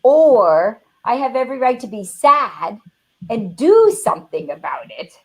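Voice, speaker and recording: A woman's voice: on the high side, a little slow, slightly rough. A woman, a motivational speaker telling a childhood story in a webinar conversation and acting out the voices in it. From Canada. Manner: animated, acts out voices in her stories.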